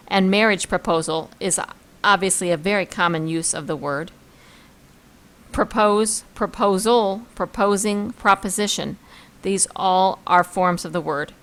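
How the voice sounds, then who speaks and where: A woman's voice: mid-range voice, fairly bright tone. A woman teaching a vocabulary lesson, reading words and example sentences aloud and commenting on pictures. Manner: reads word lists and example sentences, then comments on pictures.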